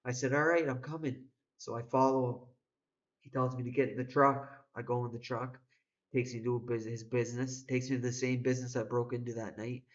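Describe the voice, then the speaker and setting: A man's voice: mid-range voice, little pitch movement, a little fast, dull audio. Rambling, profane man telling a story. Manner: rambling, profane, frequent restarts. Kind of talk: casual spoken storytelling.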